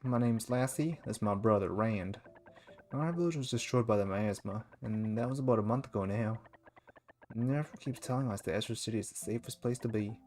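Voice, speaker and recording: A man's voice: on the low side, fairly quick, a little mellow, close to an everyday voice. A man reads a worried young girl in a game, earnest and uneasy, close to his own speaking voice.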